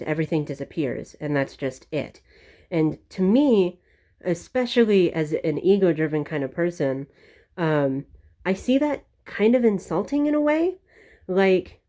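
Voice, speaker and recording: Mellow-voiced woman musing in frustration. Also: sits low. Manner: musing, frustrated, with restarts and rhetorical questions. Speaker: video essayist. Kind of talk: reflective commentary monologue.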